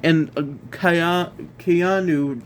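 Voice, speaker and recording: A man's voice: a little high, fairly even intonation, drawn-out words, slight background noise. A man hosting a casual wrestling review, ranting in an exasperated way, repeating himself and stumbling over restarts.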